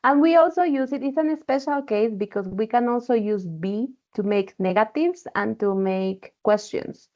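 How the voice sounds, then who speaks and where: A woman's voice: a little high, moderate pace, hardly any pauses, mellow. A woman teaching an online English class, explaining patiently and checking in often with "okay?". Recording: dull lo-fi call audio.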